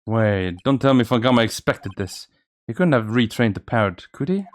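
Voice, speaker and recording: A man's voice: mid-range voice, animated, moderate pace, pitched below the performer's own voice, natural voice. A man voicing a determined young male defense lawyer in a courtroom game, earnestly thinking aloud.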